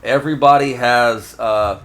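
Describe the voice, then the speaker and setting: A man's voice: mid-range voice, measured pace, a bit bright, poor audio. A man hosting a casual chat at a fishing trade show, speaking with eager emphasis. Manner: enthusiastic, emphatic. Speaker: host, fishing magazine editor.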